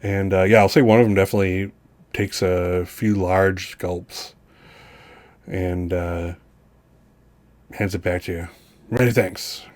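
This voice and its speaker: A man narrating as game master of a tabletop game, rambling and halting as he describes scenes. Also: low-pitched, little pitch movement, a little mellow, no room sound.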